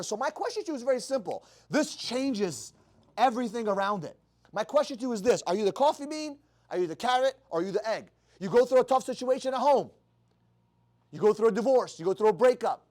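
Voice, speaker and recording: A man's voice: very high voice, darkish tone. A man in his thirties giving a blunt, profane, fired-up motivational talk. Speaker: motivational speaker.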